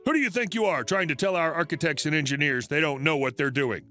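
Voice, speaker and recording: Arrogant male company boss, scornful and loud, voiced by a high-voiced male reader. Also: fast talker. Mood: angry. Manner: shouting, scornful. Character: angry arrogant male fuel company manager.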